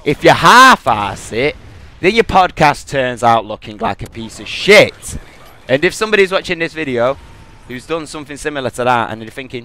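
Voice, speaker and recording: A man's voice: medium pitch, sing-song, normal speed, bright, forceful tone. A young man hosting a gaming podcast, rambling and trash-talking over his gameplay. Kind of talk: gameplay commentary with banter. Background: gunfire from the game.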